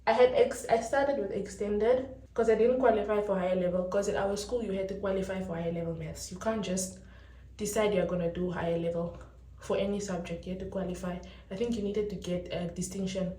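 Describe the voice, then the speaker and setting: A young woman with a Namibian accent talks in a lively, chatty way, drifting between English and Afrikaans. Her voice sits at an ordinary middle pitch. The room sounds roomy and echoey, and the mic is set a little way back from her. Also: fairly quick, distant mic. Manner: chatty and animated, switching between English and Afrikaans with frequent laughs. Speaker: vlogger. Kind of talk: casual chat.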